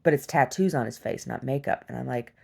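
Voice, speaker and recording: A woman recounting a disturbing dream in a personal video diary, talking haltingly with many restarts. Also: very deep voice, creaky, mellow. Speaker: survivor sharing a personal story.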